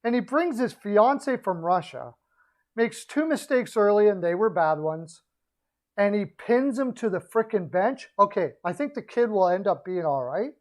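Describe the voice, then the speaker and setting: A man hosting a casual hockey livestream, rambling and opinionated, often restarting his sentences. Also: high-pitched. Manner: rambling, opinionated, self-correcting. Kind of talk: casual sports betting and hockey rant.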